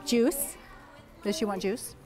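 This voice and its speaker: Over background music, this indoor toddler signing class is led by a woman who takes her time with a mid-range voice. She's upbeat, praising and encouraging the children and making conversation with their parents.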